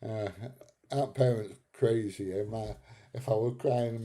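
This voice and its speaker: A man's voice: on the low side, steady tone, slow pace, mellow. A middle-aged man hosting a live stream, chatting casually and bluntly, swearing and laughing at his own jokes. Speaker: live stream host reading chat.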